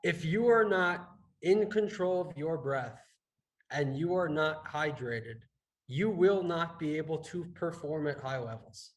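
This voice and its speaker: In a slightly high voice and at a measured pace, a man who works as a fitness and health coach chats casually on a business podcast. He wanders, restarts often, and tags his points with "right?", all on a low-quality recording.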